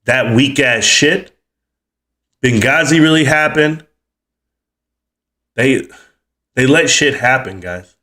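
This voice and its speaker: A man's voice: medium pitch, slow pace, long pauses, pushed and bright. Heated, cussing man in his forties. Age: 40s. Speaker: livestream host. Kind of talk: ranting livestream commentary.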